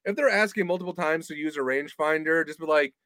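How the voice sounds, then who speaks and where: Casting: male podcast co-host, high voice, dry close sound, rambling and jokey. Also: fast, sharp tone, dry recording. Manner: rambling, filler-heavy, joking. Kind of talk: casual chat.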